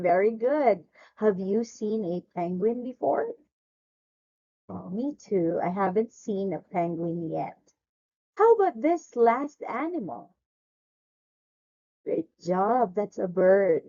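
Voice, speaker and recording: A woman teaching English to a young child over a video call. She speaks very slowly, with a lively voice that rises and falls, and praises often. Her tone is mellow and the sound is a little dull and lo-fi. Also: on the high side. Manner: slow, exaggerated and encouraging, with lots of praise. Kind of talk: demo lesson for a child.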